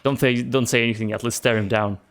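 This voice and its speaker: A man's voice: mid-range voice, steady tone, fast talker. A man playing a game on stream, reading its narration aloud and chatting casually. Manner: reads narration aloud, laughs often.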